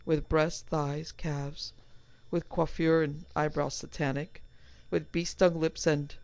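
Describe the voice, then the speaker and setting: A woman reading a horror story aloud in a measured, dramatic narration. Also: sits low, level tone, a little mellow, dry recording. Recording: slightly dull, dry recording.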